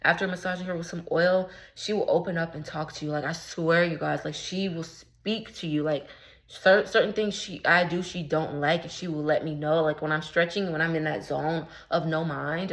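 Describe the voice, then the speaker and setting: A woman speaks as a spiritual coach in a loose, casual vlog, her voice sitting a little low. She rambles in slang and leans on filler words. She keeps amusing herself with her own jokes as she goes. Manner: self-amused, laughs at her own jokes. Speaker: spiritual coach and womb healer. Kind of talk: casual motivational vlog talk.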